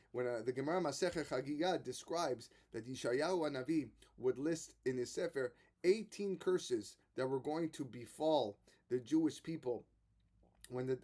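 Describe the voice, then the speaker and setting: Rabbi telling Torah stories with animated voices. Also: male voice, on the high side. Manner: animated storyteller, acts out quoted voices, frequent restarts. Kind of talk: Torah lesson retelling stories.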